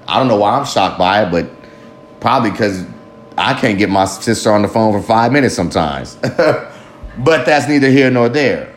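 A man's voice: fairly low pitch, expressive, normal speed, slight background noise. A man talking candidly to camera in a rambling, self-reflective monologue, swearing freely and often laughing at himself. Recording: roomy echo with faint ambience.

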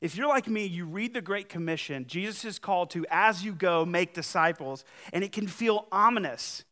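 High-voiced man preaching a sermon. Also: normal speed. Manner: conversational, emphatic preaching with wide swings in loudness. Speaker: pastor.

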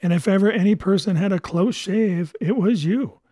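A man voicing a fearless, educated ship's doctor who talks crisply and scolds dryly. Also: sits high, normal speed, warm tone, no room sound, clean studio sound, voice pushed up. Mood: brisk. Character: brisk, fearless male ship's doctor, gentleman.

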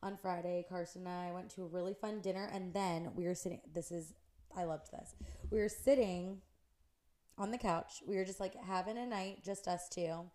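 A woman's voice: lowish voice, moderate pace. A young woman co-hosting a podcast, chatting casually and telling stories with lots of "like". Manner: animated storytelling, lots of "like". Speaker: podcast co-host. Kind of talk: casual chat.

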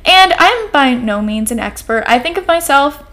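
A nineteen-year-old woman hosts her solo podcast in an upbeat, caffeinated ramble. Her voice sits a little high, and she fills her talk with "like" and "um" as she chats along. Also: animated, normal speed, bright, forceful tone. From Oregon, US West Coast. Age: teens, about to turn twenty. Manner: chatty, rambling, heavy use of "like" and "um". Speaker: podcast host. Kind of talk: casual solo podcast chat.

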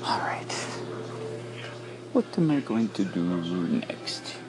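A man's voice: fairly low pitch, wildly swooping pitch, slow pace, whispered. A man hosting a casual solo podcast, talking outdoors into a phone app as he walks, rambling and goofy as he muses aloud. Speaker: podcast host. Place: outdoors, walking around.

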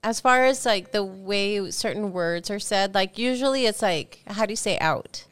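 A woman's voice: medium pitch, normal speed, clean tone. A woman from Texas co-hosting a podcast, chatting playfully and laughing often. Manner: giggly, playful. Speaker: podcast co-host. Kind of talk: casual chat.

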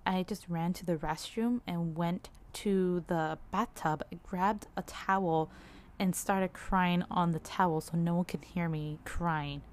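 A young woman talking candidly in a personal vlog, rambling a little, with frequent "like"s and soft laughs. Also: fairly low pitch, steady tone, slow pace. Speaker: vlogger.

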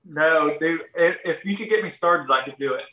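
A man's voice: a little high, normal speed, roomy sound, far from the mic, poor audio. A man, a podcast guest telling a story casually and acting out the people in it. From Ohio, USA. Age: 30s. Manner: folksy, animated, acts out other people's lines.

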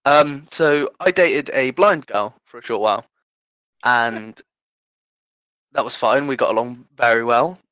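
A man's voice: medium pitch, a little slow, long pauses, fairly bright tone, clear, resonant tone, no room sound, low-quality recording. An eighteen-year-old man with an English accent telling rambling, self-deprecating stories in a casual podcast chat. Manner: rambling, self-deprecating anecdotes, laughs often. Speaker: guest storyteller.

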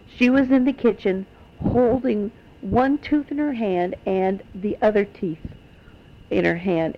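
Older woman, family storyteller, fry in the voice, muffled recording. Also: mid-range voice, a little slow, a little hiss or hum. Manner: homespun, animated storytelling. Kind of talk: telling family stories to children. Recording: dull lo-fi recording.

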